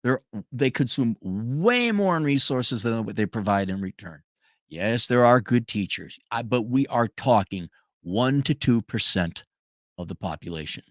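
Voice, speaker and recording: A man hosts a casual livestream, reading out viewer donations and answering them bluntly, sarcastically and profanely. His medium-pitched voice is expressive and measured, captured in a dry, clean studio recording.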